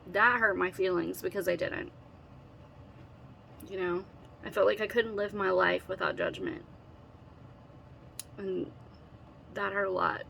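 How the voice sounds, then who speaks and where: A woman's voice: medium pitch, expressive, measured pace, creaky, pauses often, fairly bright tone, a little hiss or hum. A middle-aged woman telling her own story, earnest and emotional, holding back tears as she halts and restarts. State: tearful, holding back crying. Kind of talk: personal storytelling to camera.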